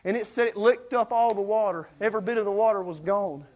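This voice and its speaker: A man preaching with a high, light voice. He tells the story in a folksy, excitable way, full of fillers, and acts out the speakers' lines. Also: fast talker. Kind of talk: sermon.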